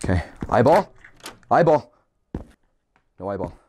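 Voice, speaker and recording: A man's voice: mid-range voice, big pitch swings, unhurried, darkish tone, slight background noise. A man giving jokey, profane commentary while playing a horror game, nervous and talking to himself. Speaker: gamer.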